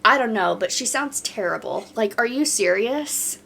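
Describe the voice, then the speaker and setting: A woman's voice: fairly high pitch, animated, normal speed, creaky, bright, forceful tone, a little hiss or hum. A woman hosting a podcast in casual chat, reading posts aloud and reacting bluntly.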